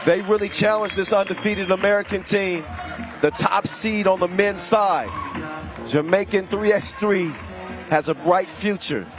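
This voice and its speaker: A man calling a basketball game live, shouting with excitement and playful wordplay. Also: high voice, unhurried. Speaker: play-by-play commentator. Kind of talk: excitable sports commentary. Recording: loud arena crowd and music behind. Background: crowd and music.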